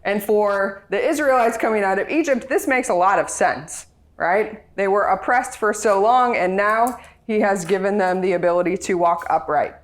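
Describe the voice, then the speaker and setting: A woman's voice: mid-range voice, normal speed. A woman leading a group Bible study, chatty and playful, laughing often as she explains the reading.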